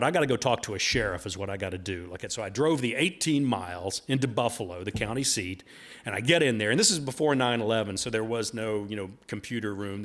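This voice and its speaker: A middle-aged man telling a folksy, rambling story at a bookstore talk, with plenty of fillers along the way. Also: on the low side. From United States. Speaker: author giving a talk.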